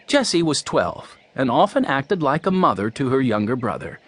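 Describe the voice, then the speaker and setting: A man narrating a children's mystery audiobook in a clear, storytelling voice. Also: medium pitch, sing-song, moderate pace.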